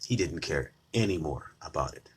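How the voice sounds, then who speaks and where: An extremely low-pitched, breathy-edged male voice speaks expressively at normal speed. The political commentator delivers a combative monologue straight to his viewers, repeating his lines to press his point.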